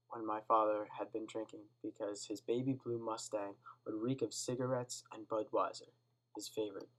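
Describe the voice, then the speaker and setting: A teenage boy reading a dark first-person school story aloud in a steady, subdued way. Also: lowish voice, low-quality recording. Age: teens. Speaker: student reader.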